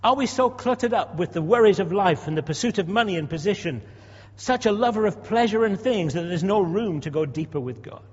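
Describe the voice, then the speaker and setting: A man in his sixties gives a sermon in a church, talking in a conversational way, asking rhetorical questions and repeating himself. His voice is husky and sits a little high. The recording is dull, with long reverb from the hall. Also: expressive, a little fast, hardly any pauses. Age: 60s. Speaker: preacher.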